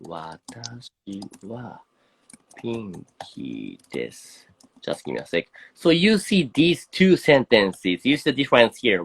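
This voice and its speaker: A man's voice: mid-range voice, sing-song, unhurried, vocal fry, slightly rough. A man with a Japanese accent teaching Japanese in a casual online lesson, explaining in English with many fillers. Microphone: phone livestream.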